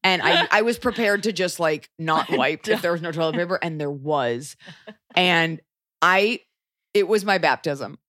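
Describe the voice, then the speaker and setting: Woman, thirties, low-pitched, casual podcast chat, lively storyteller, dry close sound. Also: a little slow, no echo. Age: 30s. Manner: animated storytelling, acts out voices. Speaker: podcast co-host.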